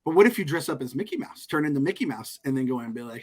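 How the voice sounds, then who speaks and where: A man co-hosting a podcast in casual chat, animated, profane and joking. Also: medium pitch, rapid-fire. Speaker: podcast co-host.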